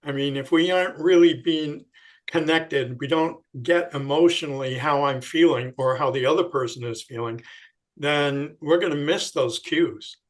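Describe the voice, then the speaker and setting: A man hosting an interview, asking thoughtful questions in a measured way. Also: on the high side. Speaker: interviewer, host.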